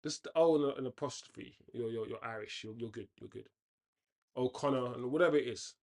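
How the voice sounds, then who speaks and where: Man, mid-pitched voice, casual watchalong host, chatty, rambling, shouts at the match. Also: brisk. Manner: chatty, reacts loudly to the game, rambling tangents. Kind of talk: casual live match commentary.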